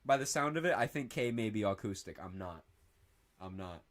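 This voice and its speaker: This young man streams from northern Indiana, casually chatting and reading his viewers' comments. Excitable and rambling, he swears heavily and keeps saying "bro," his fairly low voice moving at a moderate pace.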